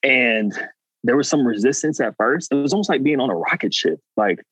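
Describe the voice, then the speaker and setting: A man's voice: medium pitch, a little fast, slightly rough, no room sound, dull audio. A man guest telling a personal story earnestly, acting out what people said. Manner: animated, earnest, acts out quotes. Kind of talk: casual storytelling.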